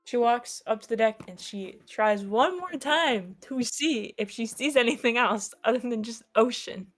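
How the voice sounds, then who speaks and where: Hesitant tabletop player, female, higher voice, self-deprecating. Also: expressive, measured pace. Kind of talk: tabletop role-play.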